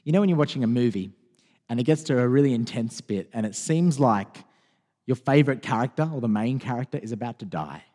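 A man preaching a sermon as a pastor, talking in a conversational, expressive way with frequent restarts. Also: medium pitch, brisk, in a large hall. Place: church hall.

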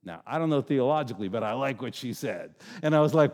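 A man's voice: mid-range voice, animated, quick pace, few pauses, mellow, long reverb tail. A middle-aged man preaching a sermon as pastor, in a conversational, joking way, acting out voices.

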